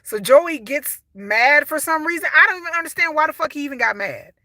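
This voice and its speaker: Woman w aave, high bright voice, blunt n exasperated, dry close sound. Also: animated, brisk, no echo. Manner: blunt, exasperated, swears freely. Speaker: reality TV reviewer. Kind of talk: casual commentary.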